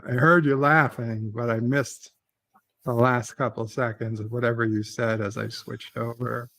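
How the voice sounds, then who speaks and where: A man's voice: mid-range voice, steady tone, moderate pace, gravelly, fairly bright tone, no room sound. A man joining a livestream as a guest, joking and swearing in casual chat. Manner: joking, swears, puts on a mock Aussie accent.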